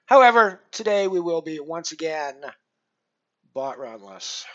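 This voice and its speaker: A man's voice: fairly high pitch, animated, a little slow, dull audio. A man hosting a poker live stream in casual chat, rambling with many fillers and restarts and poking fun at himself. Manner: self-deprecating.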